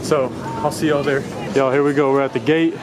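A young man with a Southern American accent from Tennessee, talking excitedly to camera as a travel vlogger and calling his viewers y'all. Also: medium pitch, a little fast, crowd noise. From Chattanooga, Tennessee, USA. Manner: upbeat, keeps addressing viewers as y'all. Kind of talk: excited casual vlog narration to camera. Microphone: handheld camera mic. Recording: noisy outdoor and travel background.

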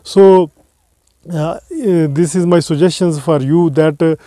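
A man giving a spoken lesson, halting often with "uh" between phrases. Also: on the high side, warm tone, no room sound. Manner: hesitant, many "uh" fillers. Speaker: English teacher.

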